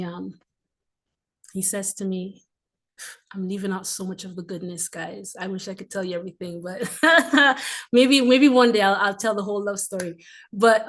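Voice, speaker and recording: On her livestream, a woman in her forties gives heartfelt testimony with fervent, emphatic conviction, repeating phrases to hammer them home. Breathy emotional asides alternate with bursts of warmth, all in a middle pitch typical for a woman.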